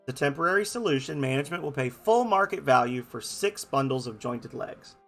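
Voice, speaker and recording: Brisk and expressive, this medium-pitched male voice belongs to a gameplay host who reads every character's dialogue aloud in playful voices. He pokes fun at his own delivery, and faint music plays in the background.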